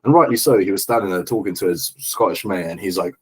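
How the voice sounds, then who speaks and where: A young man with a very deep, husky voice tells a rambling story in casual chat. He leans hard on "like", swears freely and keeps circling back to his point. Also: fast talker, low-quality recording. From London. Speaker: podcast co-host.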